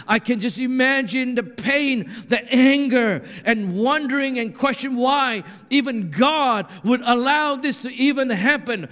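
A man's voice: extremely high pitch, measured pace, hardly any pauses, fairly bright tone. A man preaching a sermon in a church hall, earnest and emphatic, repeating his points for weight. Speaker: pastor. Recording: long hall reverb.

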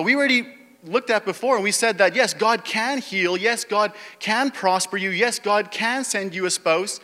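A man's voice: sits high, fairly quick, sharp tone. A male pastor preaching a sermon, reading scripture aloud and then pressing his point with rising emphasis. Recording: long hall reverb.

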